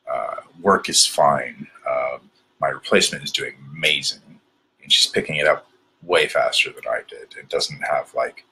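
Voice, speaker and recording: Exhausted guy doing a bad fake british accent, super low gravelly voice, rambly vlog with lots of ums. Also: pushed and bright. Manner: rambling, hesitant, with many fillers and restarts; speaking in a self-described bad British accent. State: mentally exhausted. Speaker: vlogger. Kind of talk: candid personal video diary.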